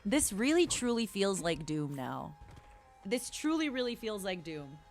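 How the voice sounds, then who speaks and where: A woman's voice: mid-range voice, very animated, measured pace, soft background music. A woman streamer giving playful, casual commentary as she plays a game, calling her viewers honey and darling.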